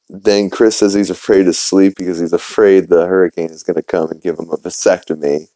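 A young man from New Orleans hosts a podcast and rambles through a recap of a cartoon episode, full of fillers and quotes he acts out. His voice is low and mellow with a smooth, clear tone. It is recorded dry and close, with no room sound. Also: no echo, poor audio. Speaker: podcast host.

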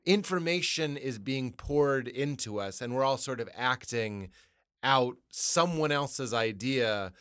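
A comedian in an interview, thinking aloud, swearing casually, and jumping into loud high voices when he quotes people. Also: expressive, slow pace, clear, resonant tone, dry recording, clean studio sound. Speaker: comedian guest. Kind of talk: candid interview conversation.

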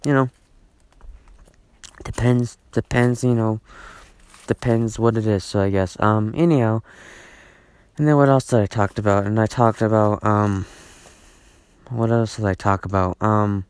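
A man's voice: on the low side, fairly even intonation, measured pace, pauses often, darkish tone, smooth, dry recording. A man hosting a solo podcast from home, rambling and exasperated, repeating himself with lots of fillers and restarts. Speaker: podcast host.

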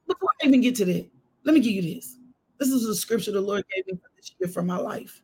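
A woman preacher giving a fervent devotional sermon, breaking into loud whoops and reading scripture aloud. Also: mid-range voice, lively intonation, quick pace, breathy edge, poor audio.

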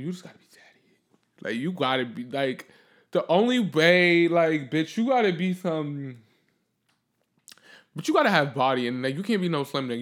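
A man hosting his own podcast alone, talking off the cuff in a blunt, profane, sassy way, swinging between loud outbursts and low muttering. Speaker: podcast host. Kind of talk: solo podcast monologue, unscripted.

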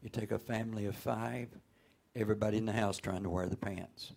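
A man preaching a sermon, often rising into loud outbursts. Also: on the low side, fairly even intonation, fairly quick, gravelly. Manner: folksy, call-and-response preaching with sudden loud outbursts.

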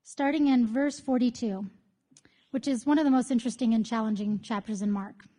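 A woman's voice: a little high, fairly quick. A woman in her thirties leading a Bible study, chatty and candid, telling stories as she teaches. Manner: chatty, candid, lively storyteller. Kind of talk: casual teaching with storytelling. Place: church meeting room with group.

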